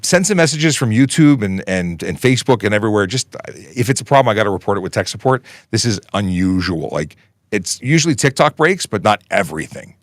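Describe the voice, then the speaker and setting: A Canadian man in his forties hosts a casual livestream, chatting in an upbeat, rambling way. His voice sits slightly low. The sound is dry and close, with little room echo. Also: very animated, fairly quick. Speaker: livestream host, police constable.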